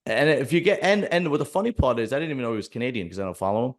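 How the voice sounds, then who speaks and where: A man's voice: medium pitch, animated, racing. A man hosting a podcast in casual chat, rambling and blunt with many restarts. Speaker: podcast host.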